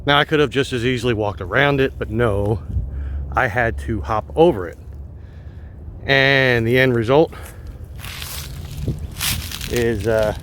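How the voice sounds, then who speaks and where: A man with a mid-range voice talks his way along wooded trails, relaxed and thinking aloud with little pauses. He records outdoors on a phone held on a gimbal. A faint outdoor noise sits under his voice. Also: mid-range voice. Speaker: vlogger exploring a park. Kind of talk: casual walking narration.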